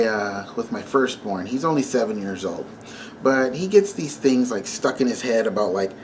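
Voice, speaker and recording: A man's voice: medium pitch, slight background noise. A man in his thirties gives a casual devotional talk, speaking conversationally with lots of fillers and laughing as he tells a story. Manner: conversational, many fillers, laughs while telling. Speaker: Christian vlogger.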